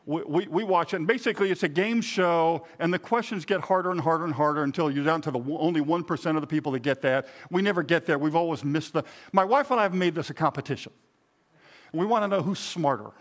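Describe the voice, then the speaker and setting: A man's voice: a little high, quick pace. A middle-aged man, a pastor, preaching a sermon in a conversational, self-deprecating way with touches of humor.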